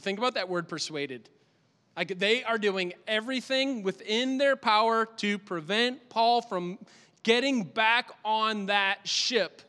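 A male pastor giving an animated, conversational sermon in a church, with lots of repetition for emphasis. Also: high voice, unhurried. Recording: long hall reverb.

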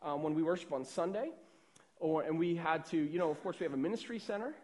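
A young man delivering a sermon in a relaxed, conversational pastor's voice that sits high for a man. He often repeats himself and checks in with the room. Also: quick pace. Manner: conversational, repeats words and asks "right?".

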